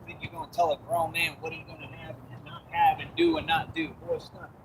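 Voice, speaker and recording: A man's voice: a little high, completely flat delivery, fast. A man vlogging in a defiant, repetitive rant, talking straight to his viewers. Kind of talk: direct-to-camera rant. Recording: loud background noise.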